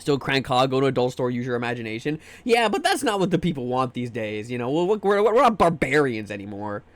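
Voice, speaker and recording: A young American man hosting a livestream rants casually in a medium-pitched, sing-song voice at a fairly quick pace. His chat is rambling and profane, and he repeats words whenever he restarts a sentence. The recording has no room sound.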